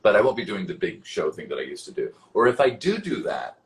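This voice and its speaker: A man's voice: fairly low pitch, big pitch swings, a little fast. A man in his fifties reading out fan questions and answering them in a casual, rambling way, swearing freely. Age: 50s. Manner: reads fan questions aloud, then answers. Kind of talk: livestream Q&A.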